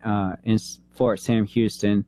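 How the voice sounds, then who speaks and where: A man's voice: fairly low pitch, flat delivery, dark tone. Earnest man telling a hard personal story. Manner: earnest, halting, holding back tears. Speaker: interview guest, veteran. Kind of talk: emotional personal story in an interview. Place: San Antonio, Texas.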